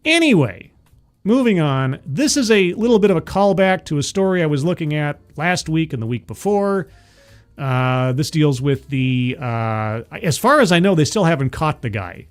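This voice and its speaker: A man's voice: a little high, big pitch swings, normal speed, faint music behind. A man hosting a political commentary livestream, sardonic and rambling, full of fillers and restarts, who reads viewer chat aloud. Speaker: livestream host.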